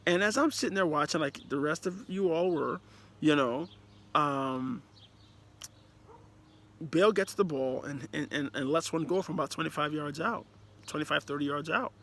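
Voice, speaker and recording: A man's voice: a little high, moderate pace, long pauses. A man giving a casual, emphatic and rambling review of a football match, talking as a player and manager. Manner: animated, emphatic, rambling with restarts. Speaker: football commentator.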